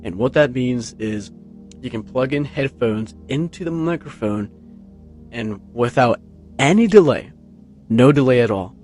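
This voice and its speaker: Expressive yet measured in pace, this man has a darkish tone, with faint music behind him. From a carpeted room at home he vlogs in a rambling, low-key manner, riddled with fillers and restarts, right up on a tabletop USB mic and wearing headphones.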